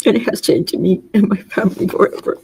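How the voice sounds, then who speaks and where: A middle-aged woman reading a prepared victim impact statement in court. She speaks in a measured, grieving way and makes small slips as she reads. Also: mid-range voice, fairly even intonation, a little mellow, breathy edge, poor audio.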